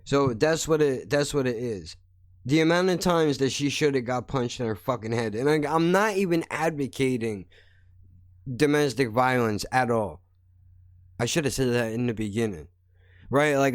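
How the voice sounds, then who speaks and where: A man's voice: medium pitch, dry recording. Blunt, swearing man ranting close to the mic. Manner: blunt, heated, swears constantly. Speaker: podcast host. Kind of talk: angry profane monologue.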